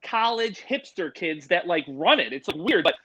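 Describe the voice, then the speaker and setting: Bright-voiced, animated storytelling man. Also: high-pitched, normal speed, a little hiss or hum, rough recording. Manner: animated, profane, acts out quotes. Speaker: animal handler guest. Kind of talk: casual anecdote telling.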